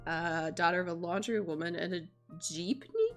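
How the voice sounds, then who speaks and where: A woman's voice: fairly low pitch, moderate pace, faint music behind. A young American woman streaming a game, reading its text aloud with dramatic flair and chatting casually, swearing and laughing along the way.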